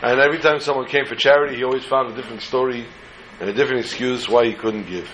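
A man tells a religious folk tale informally, wandering into asides and jokes. His voice sits at an ordinary middle pitch. A faint background noise is present. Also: steady tone, quick pace, a bit bright, poor audio. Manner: informal, digressive, joking asides. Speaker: storyteller. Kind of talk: casual storytelling of a religious tale.

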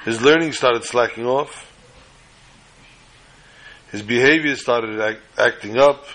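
A man telling a story in a religious talk, in an animated, halting delivery with frequent restarts. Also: medium pitch, rough recording.

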